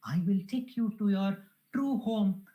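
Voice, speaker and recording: A woman voicing a gentle male lion who calls his lost son home, in a tender, coaxing way. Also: medium pitch, a little slow, lightly acted.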